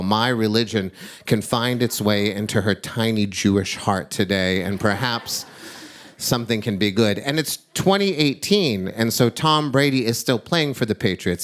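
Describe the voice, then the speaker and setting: A middle-aged man telling a true personal story on a live stage, wry and confessional, turning from jokey to hushed. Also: medium pitch. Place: live stage before an audience.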